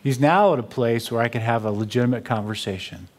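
A man's voice: medium pitch, quick pace. A man giving a talk to an audience, telling a humorous story full of quoted dialogue. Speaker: speaker on theology.

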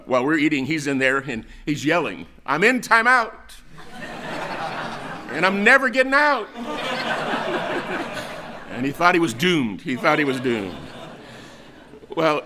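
Speaking at a medium pitch with a bright, forward quality, an older pastor from the US tells his sermon like an easygoing story. Restarted phrases and fillers pop up frequently.

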